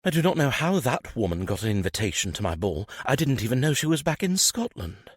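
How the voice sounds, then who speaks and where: A man voicing an indignant duchess in an audiobook, gruff and growling. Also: mid-range voice, very animated, fairly quick, no room sound, studio quality, voice pushed up.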